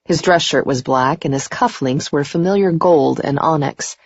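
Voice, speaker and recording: A woman narrating a first-person romance audiobook in a steady, unhurried reading voice. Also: deep voice, husky, no echo. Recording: dry, dull muffled recording.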